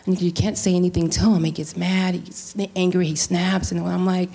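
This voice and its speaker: A woman's voice: fairly low pitch, flat delivery, fairly quick, vocal fry, dark tone. A woman from Central California earnestly telling a family story in a casual discussion, with restarts and quoted dialogue.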